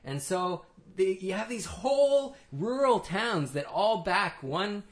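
A man co-hosting a casual chat, explaining plainly in a relaxed way. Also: sits high, slow. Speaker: podcast co-host.

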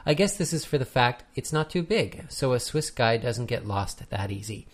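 An Australian man co-hosts a podcast and reads the listener emails aloud, slipping in dry, witty remarks between them. His voice sits at a middle pitch for a man. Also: expressive, normal speed. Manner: dry wit. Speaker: podcast co-host. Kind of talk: reading listener mail.

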